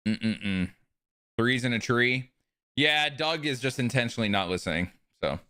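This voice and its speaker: A man's voice: medium pitch, expressive, moderate pace, bright, forceful tone, clean tone. A man live streaming a video game, chatting with his viewers in a casual, joking way and swearing freely. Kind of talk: live stream chat while gaming.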